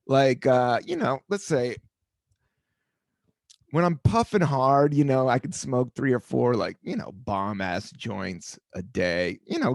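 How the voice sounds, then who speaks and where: A man's voice: medium pitch, creaky, no echo, studio quality. A man hosting his own podcast, talking casually in a laid-back, rambling way that jumps between topics and sometimes turns playfully sing-song. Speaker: podcast host and comedian. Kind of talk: casual solo podcast monologue.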